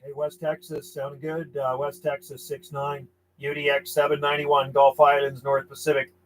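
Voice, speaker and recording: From a home radio station on an island off western Canada, a man works as a CB operator, calling out call signs and answering distant contacts with clipped calls and friendly sign-offs. His voice sits on the high side, and he speaks at a normal speed with a completely flat delivery. Loud radio static runs behind him.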